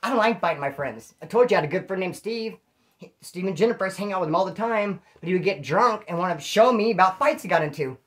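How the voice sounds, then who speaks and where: A man's voice: sits high, lively intonation, very fast, a little hiss or hum. Man, from California, former prisoner, casual profane slang, storytelling, quotes people aloud. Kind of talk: casual storytelling, answering viewer questions.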